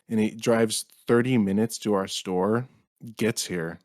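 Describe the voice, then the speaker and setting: A man's voice: on the low side, moderate pace, a little mellow, dry recording, studio quality. A young man co-hosting a casual comedy podcast, telling work anecdotes in a laid-back, slangy way. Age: young adult. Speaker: podcast co-host. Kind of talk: casual comedic chat, storytelling.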